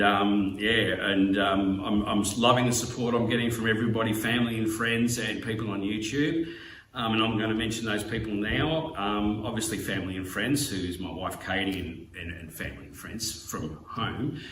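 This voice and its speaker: An Australian man talks through a heartfelt message, halting on fillers and dropping the odd swear word. He sits well back from the mic in an echoey room. A faint hum runs underneath. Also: lowish voice, a bit bright. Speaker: slot car YouTuber. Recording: roomy, distant mic, faint background hum.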